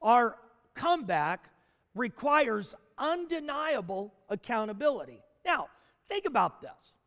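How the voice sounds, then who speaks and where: A man preaching a sermon, emphatic, with dramatic pauses. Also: high voice, a bit bright. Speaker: pastor. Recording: long hall reverb.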